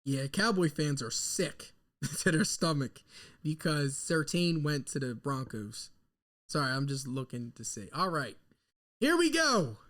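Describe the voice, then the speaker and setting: A man, hosting a live draft reaction stream and rambling nervously as an excitable fan into a desk mic. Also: a little high, measured pace. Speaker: sports fan host.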